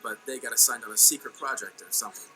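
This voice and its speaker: An actor playing a young man who narrates his fantasy world in an animated series, in an offhand, jokey way with asides to the viewer. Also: mid-range voice, racing, lightly acted, rough recording. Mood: laid-back. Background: background music.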